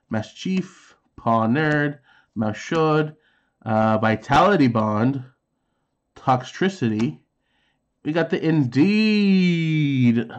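A man's voice: on the high side, lo-fi sound. A man in his thirties casually chatting while opening trading card packs, reading card names aloud and making sound effects. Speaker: card unboxing host.

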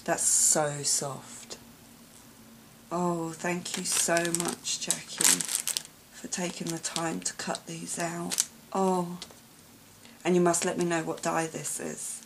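A woman filming a craft gift unboxing vlog, gushing and gasping with delight and often dropping to a soft whisper. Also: fairly low pitch, level tone, slow, gravelly, pauses often, slight background noise, rough recording. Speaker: craft vlogger.

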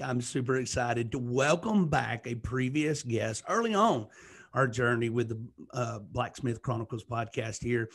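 A man's voice: medium pitch, fairly bright tone. A man with a Southern US accent hosting a podcast interview in a casual, upbeat and effusive way, often restarting his words. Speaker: podcast host.

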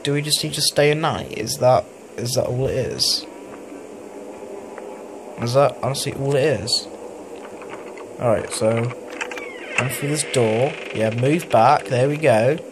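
A man's voice: medium pitch, a little slow, pauses often, background noise. A young man casually commentating a horror game at home, rambling and hesitant, laughing when he gets scared. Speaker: gaming YouTuber. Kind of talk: casual let's play commentary. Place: home room, family noise downstairs.

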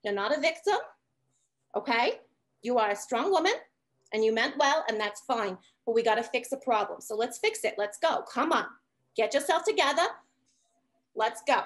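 Woman as a no-nonsense auntie, fairly high voice, tough-love commands. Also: expressive, a bit bright. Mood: firm, rousing. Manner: firm, brisk pep talk with commands. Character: brash fast-talking auntie, tough-love motivator.

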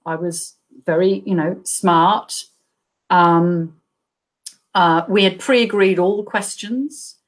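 Woman author from Australia, animated storyteller, laughs often, on a video call. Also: lowish voice, takes it slowly. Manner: acts out quoted voices. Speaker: crime thriller author. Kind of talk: live video chat interview.

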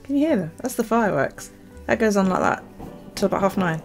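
A woman's voice: mid-range voice, big pitch swings, fairly quick, creaky, faint music behind. A middle-aged woman, a journaling vlogger, telling stories in a casual, chatty way and swearing freely. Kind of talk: casual chat.

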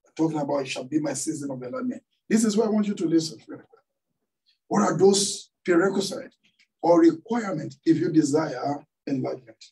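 Middle-aged Nigerian pastor, raised pitch, mellow tone, call-and-response sermon, a bit off-mic in a church. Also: male voice, a little hiss or hum. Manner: call-and-response questions to the congregation. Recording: voice somewhat distant from the mic.

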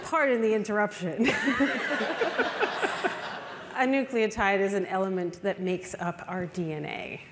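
A woman's voice: medium pitch, fairly even intonation, measured pace, pauses often, noisy background. A woman scientist giving a special report, explaining genetics in a put-on news reporter voice. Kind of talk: mock news report presentation. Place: conference hall. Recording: echoey conference hall.

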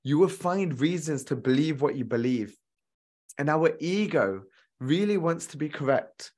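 A man's voice: on the high side, lively intonation, unhurried, a little mellow. A man giving a motivational relationship coaching talk straight to viewers, earnest and repeating key lines for emphasis.

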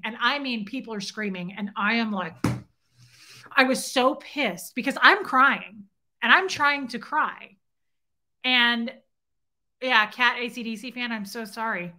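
Pitched on the high side, she speaks unhurriedly in a bright, forceful tone. She's a middle-aged livestream host telling a blunt, profanity-laced story and breaking off to say hi to people in chat.

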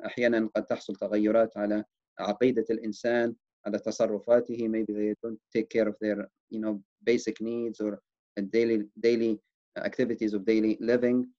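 Man, quick and mellow, earnest reassuring presenter, muffled lo-fi audio. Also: on the low side. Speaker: wellness presenter. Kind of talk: educational talk. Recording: dull lo-fi recording.

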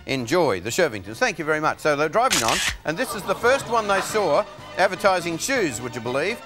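A man hosts a live TV variety show, breezily reading out viewer letters. His slightly high voice bounces up and down as he chuckles and makes playful asides. Music plays clearly in the background. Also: big pitch swings, a little fast. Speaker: host. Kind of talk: casual studio banter, reading viewer letters.

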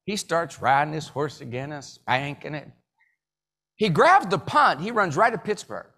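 A man giving a live motivational keynote, telling jokey stories and leading the audience in call-and-response with sudden loud bursts. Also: on the high side, animated, measured pace. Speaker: motivational speaker.

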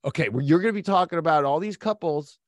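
A man's voice: on the high side, quick pace, dry recording. A man who works as an astrologer, telling stories in a casual podcast chat, rambling with lots of fillers. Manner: rambling, filler-heavy storytelling. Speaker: astrologer guest.

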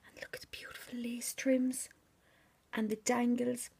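A woman opening craft gifts on camera, gushing and overwhelmed, slipping between hushed whispers and excited exclamations. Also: on the high side, unhurried, gravelly, husky. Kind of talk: unboxing chat, often whispering. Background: crinkling paper and packaging.

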